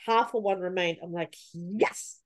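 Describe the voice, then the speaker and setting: A woman hosting a casual podcast chat, telling stories and acting out her own reactions. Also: moderate pace. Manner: animated, acts out her own past reactions with sudden high cries. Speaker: podcast host.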